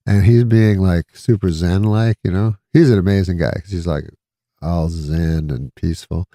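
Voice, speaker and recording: A middle-aged man telling a rambling, deadpan comedy anecdote in casual chat, chuckling between lines. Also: low voice, moderate pace, no room sound, clean studio sound. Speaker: comedian guest.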